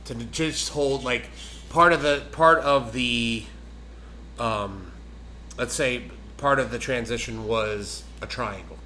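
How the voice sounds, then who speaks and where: A male jiu-jitsu instructor chats earnestly, walking through his ideas step by step. His tone is bright and forward, at an ordinary pitch, with faint room ambience behind him. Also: takes it slowly, slight background noise, rough recording. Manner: earnest, explanatory. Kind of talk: casual chat, storytelling.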